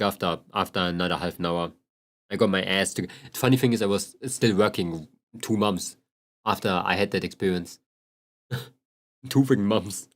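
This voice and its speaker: A young man with a German accent chatting casually while drawing on a livestream, laughing often and swearing casually. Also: on the low side. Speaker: streamer.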